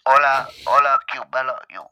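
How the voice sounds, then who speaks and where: A man's voice: mid-range voice, a little fast, sharp tone, no echo. A man voicing a crude half-Mexican half-Russian man with a put-on Mexican Spanish accent, in an improvised comedy bit. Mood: lewd. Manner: broken English with Spanish words, vulgar.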